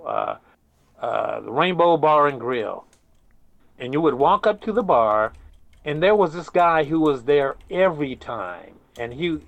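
A man's voice: fairly high pitch, no echo, lo-fi sound. An older man telling stories in a casual interview, rambling with many restarts and often saying "man". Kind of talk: casual storytelling.

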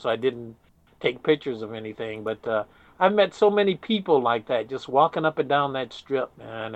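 A man's voice: mid-range voice, creaky, a bit bright, dry recording. An older man telling stories in a casual interview, rambling with many restarts and often saying "man". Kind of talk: casual storytelling.

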